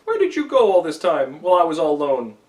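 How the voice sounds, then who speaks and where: A man voicing a fretful young male monk in a high, fussy, pleading voice. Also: huge pitch swings, quick pace, darkish tone. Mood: incredulous.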